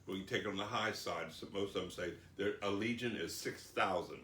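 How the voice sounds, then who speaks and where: A man teaching the Bible, reading scripture slowly and dramatically, then commenting. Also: low voice, pushed and bright. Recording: roomy echo, distant mic.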